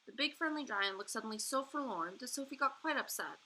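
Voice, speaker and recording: A woman's voice: on the high side, brisk, a little hiss or hum, low-quality recording. A woman reading a children's book aloud, showing the pictures as she goes. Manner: lively, expressive reading.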